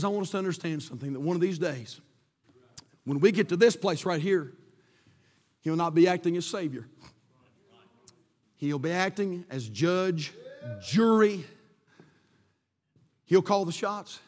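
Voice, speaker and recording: A male preacher telling a story in a sermon, fervent and rising to shouts at an altar call, speaking in a church. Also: sits high, expressive, a little slow, pauses often. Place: church sanctuary. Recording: long hall reverb.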